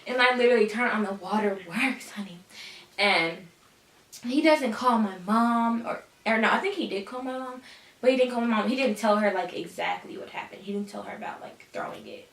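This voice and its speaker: A woman's voice: on the high side, normal speed, vocal fry, far from the mic. Sassy teen girl telling a story. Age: teens. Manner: sassy, dramatic, says "honey". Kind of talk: casual storytime vlog. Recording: echoey room, voice a bit off-mic.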